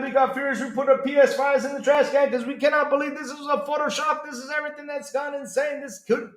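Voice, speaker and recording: A man hosting a casual live stream, reacting excitedly with mock outrage and talking straight to his chat. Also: very high voice, reverberant. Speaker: streamer host.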